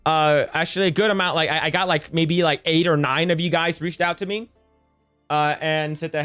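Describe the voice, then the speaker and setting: A young man riffs on a livestream in a loose, rambling way, greeting his chat by name and swearing freely. His voice sits a bit high for a man, and soft music plays faintly behind him. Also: steady tone, normal speed, clean tone.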